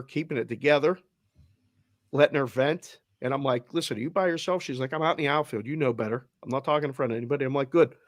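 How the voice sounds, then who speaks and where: A man's voice: mid-range voice, dry recording, clean studio sound. A middle-aged man with a Boston accent, a sports betting show host, animatedly telling a heartfelt family story with quoted voices. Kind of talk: casual storytelling.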